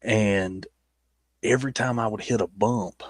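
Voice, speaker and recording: A man's voice: on the low side, fairly even intonation, unhurried, no room sound. A man with a Southern accent chatting casually as he looks back on his old videos, rambling and poking fun at himself. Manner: rambling and self-mocking, with many restarts. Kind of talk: casual chat.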